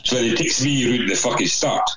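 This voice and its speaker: A man's voice: medium pitch, fairly quick, crowd noise, poor audio. A man telling a rambling anecdote over casual chat, swearing constantly. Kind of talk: casual storytelling.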